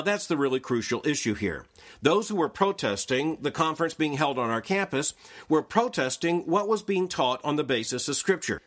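Formal man, slightly higher voice. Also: a bit bright. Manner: measured, formal delivery. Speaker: host of a daily news analysis podcast. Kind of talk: scripted commentary.

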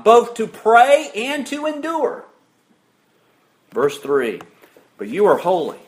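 High, lively-voiced preacher asking questions. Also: male voice. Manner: asks the congregation questions and answers them himself; reads scripture aloud with rising emphasis. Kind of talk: sermon.

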